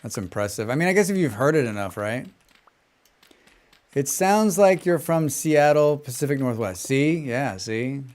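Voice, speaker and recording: A man chatting in a smooth flat American voice. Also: mid-range voice, moderate pace. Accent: flat General American. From western United States. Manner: chatty, rambling, hums and scats to himself between remarks. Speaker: game streamer. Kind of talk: casual chat while gaming and reading chat.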